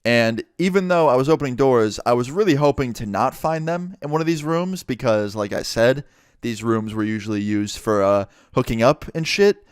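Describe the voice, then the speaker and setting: A young man narrating a storytime video in a casual, animated, profane way. His voice sounds smooth and clear in an utterly dry, close recording, sitting at an ordinary male pitch. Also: moderate pace, no room sound.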